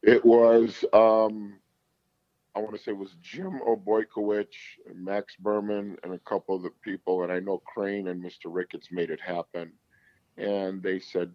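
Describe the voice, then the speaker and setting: A man's voice: sits low, little pitch movement, unhurried, warm tone, dry recording, rough recording. A middle-aged man, a guest, telling personal stories in an earnest, rambling way full of restarts. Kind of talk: candid conversational storytelling.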